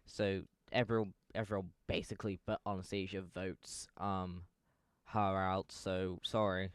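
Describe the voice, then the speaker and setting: A young man talks through fan speculation in a relaxed, unhurried way. His voice sits a little low and sounds smooth and clean. It is recorded dry and close, with no room sound. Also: dry recording. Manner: rambling, self-correcting, lots of fillers. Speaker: fan video commentator. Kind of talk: casual fan speculation commentary.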